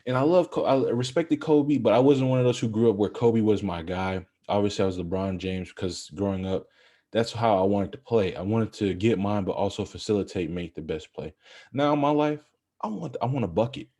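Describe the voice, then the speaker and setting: A young man co-hosting a podcast, chatting about basketball in a casual, animated, rambling way. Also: fairly low pitch, fairly quick. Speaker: podcast co-host. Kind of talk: casual sports chat.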